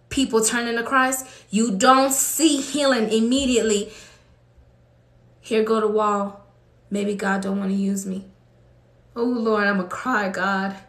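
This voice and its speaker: A woman preaching with emotion, building to fervent, high-pitched exclamations as she speaks to her listeners. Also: a bit bright, roomy sound. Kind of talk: impassioned preaching.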